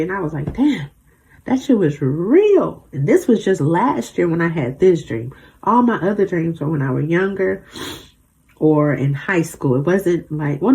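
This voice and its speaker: A woman tarot reader rambles through stories in a casual vlog monologue, blunt and emphatic, using slang and some mild swearing. Her voice is deep with a dark tone.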